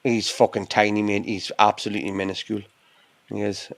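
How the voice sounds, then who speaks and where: A man's voice: lowish voice, flat delivery, brisk, no echo. Teasing British man with a dry sound. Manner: teasing, swears freely, rambling. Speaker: panel guest. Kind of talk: casual live-stream banter.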